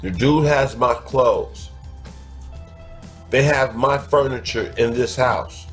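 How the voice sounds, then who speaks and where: A man's voice: medium pitch, slow pace, soft background music. A man telling a crude personal story, blunt and profane, stretching out words for emphasis.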